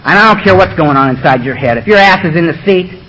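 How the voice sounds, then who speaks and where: Fast-talking, high-voiced man sharing bluntly. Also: expressive, a bit bright, rough recording. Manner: blunt, emphatic, profane, humorous. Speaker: speaker sharing at a recovery meeting. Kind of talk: recovery meeting share. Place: meeting room.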